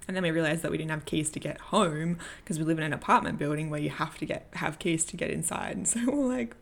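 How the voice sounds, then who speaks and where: A woman's voice: deep voice, level tone, fast talker, gravelly. A young woman vlogger telling a story and giving coaching tips in a candid, casual way, swearing freely and laughing often. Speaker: personal growth vlogger.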